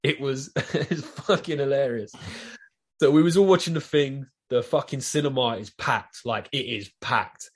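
A man in a casual chat, telling stories with lively energy and plenty of swearing and filler words. His voice sits at an ordinary middle pitch for a man. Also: normal speed, husky. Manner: animated storyteller, heavy swearing, lots of fillers.

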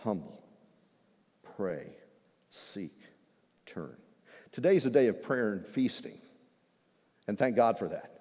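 A male pastor delivers a sermon in a husky voice that swings widely in pitch. He preaches in a lively, conversational way, mixing humor into his message. His voice rings with a long reverb in a large church hall. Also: takes it slowly, pauses often. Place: church sanctuary.

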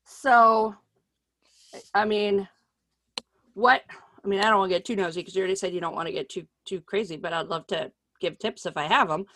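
A middle-aged woman hosting a podcast, telling stories in a casual, animated way, swearing freely and voicing the people she quotes. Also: mid-range voice, a little fast, pauses often, no room sound. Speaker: podcast host and comedian. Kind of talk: casual chat, storytelling.

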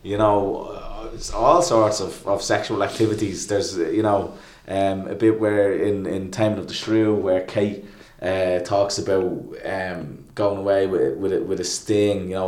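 A man's voice: low-pitched, flat delivery, normal speed, hardly any pauses, darkish tone. A man talking casually as a podcast guest, rambling with many restarts and fillers. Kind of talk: casual chat. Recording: echoey room.

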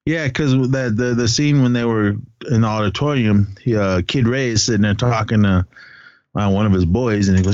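A man's voice: on the low side, a little fast, darkish tone, dry recording, lo-fi sound. A man co-hosting a podcast, recapping a film in casual, rambling chat with frequent laughs. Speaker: podcast co-host.

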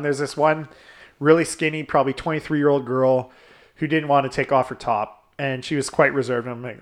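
A man's voice: mid-range voice, level tone, normal speed. A man hosting a podcast, telling a crude story in casual chat, laughing often and swearing freely. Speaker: podcast host.

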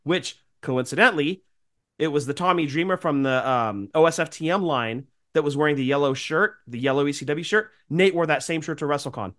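A man with a nasal, congested voice from a cold, chatting loosely on a podcast. His voice sits a bit higher than most men's. He talks in a rambling, grateful way. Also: fairly quick, fairly bright tone. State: sick with a cold. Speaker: podcast co-host. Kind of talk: casual chat.

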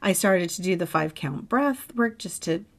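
Animated woman telling a salty story. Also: fairly low pitch, normal speed. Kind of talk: casual storytelling chat.

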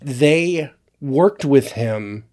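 A man's voice: mid-range voice, expressive, drawn-out words, mellow. A man co-hosting a podcast in casual chat, making wry short asides and sharing his own anecdotes. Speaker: podcast co-host.

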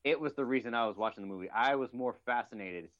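An excitable man chats about a film with a co-host, casual and loose with his language. His voice sits at a middle pitch. The recording is a little dull and lo-fi. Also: fast talker. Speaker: podcast co-host. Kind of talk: casual movie commentary. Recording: slightly dull, lo-fi sound.

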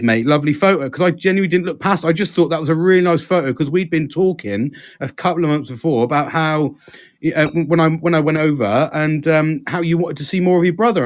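A man hosting a podcast, talking earnestly in a halting, casual way and swearing freely. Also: on the high side. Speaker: podcast host. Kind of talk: casual chat.

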